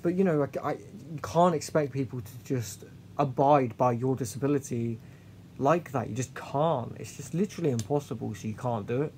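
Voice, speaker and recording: A man's voice: medium pitch, a little mellow, slight background noise. A man vlogging a candid personal story, earnest and confessional, often restarting and trailing off. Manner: halting, with many restarts and trailing pauses.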